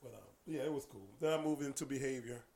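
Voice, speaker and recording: Gravelly and fast-talking at medium pitch, a martial arts coach shares casual stories as a guest. He acts out the people in them with animated voices, at times sinking to a whisper.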